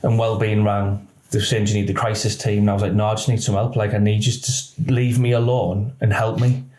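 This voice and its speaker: Halting man recounting. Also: lowish voice, flat delivery, darkish tone. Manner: halting, emotional retelling with many restarts. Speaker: podcast guest, former police officer. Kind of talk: candid interview storytelling. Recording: roomy echo.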